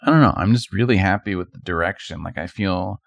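A man's voice: deep voice, fast talker, gravelly, dry recording. A man co-hosting a podcast in casual chat, talking hesitantly as he searches for words. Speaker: podcast co-host.

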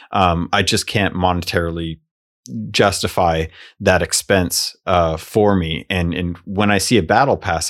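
Deep-voiced man weighing things up. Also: fairly bright tone. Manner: measured, reasoning aloud with many fillers. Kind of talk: casual discussion.

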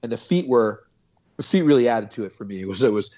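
A man's voice: medium pitch, animated, fast talker, warm tone, highs cut off. A man, a podcast guest, telling stories in a casual, rambling way, full of restarts and fillers. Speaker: podcast guest, former drum corps snare drummer. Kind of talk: casual storytelling chat.

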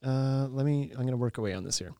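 A man co-hosting a podcast, chatting casually with an animated, rambling manner and frequent laughter. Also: medium pitch, quick pace, no room sound, clean studio sound. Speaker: podcast co-host. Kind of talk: casual chat.

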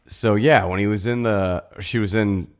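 A man's voice: fairly low pitch, steady tone, normal speed. A man co-hosting a podcast, talking casually about a movie with dry, sarcastic asides and short replies. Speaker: podcast co-host. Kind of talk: casual movie-review chat.

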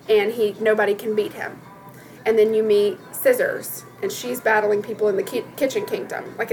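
A woman's voice: medium pitch, poor audio. A woman and mother chatting casually on a podcast, gushing and giggly about a children's book. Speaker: podcast co-host, mom. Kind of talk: casual chat.

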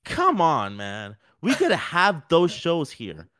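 A man co-hosting a podcast, talking in a rambling, animated, casual way with many fillers. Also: a little high, slow. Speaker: podcast co-host. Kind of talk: casual sports chat.

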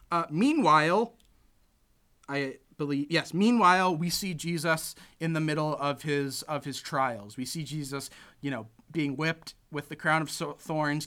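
A man's voice: fairly high pitch, unhurried, bright, forceful tone. A young man casually recapping a film plot, rambling with lots of "like" and "you know" and acting out the characters' lines. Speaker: podcast co-host recapping a film. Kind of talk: casual chat.

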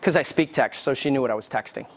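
A male pastor giving a conversational sermon, repeating key questions slowly and joking at his own expense. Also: mid-range voice.

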